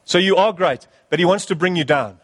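A man's voice: sits high, a little fast, long reverb tail. A male pastor preaching a sermon, urging his church with emphatic, repeated exhortations.

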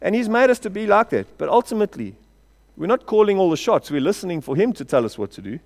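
High-voiced preacher in a reverberant hall. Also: male voice, sing-song, fast talker. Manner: passionate, rising to shouts, chuckling between points. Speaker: pastor. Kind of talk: sermon.

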